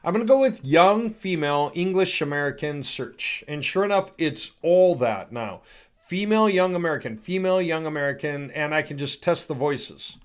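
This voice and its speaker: A man with a slightly higher voice than most men talks through a software demo in a loose, off-the-cuff way. He rambles and thinks aloud as he goes. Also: expressive, moderate pace. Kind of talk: casual screen-recorded product demo.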